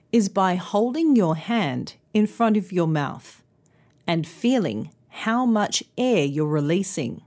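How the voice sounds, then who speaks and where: A woman presenting a scripted pronunciation podcast lesson in a clear, careful, instructive way. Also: medium pitch, darkish tone. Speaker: pronunciation teacher and news presenter.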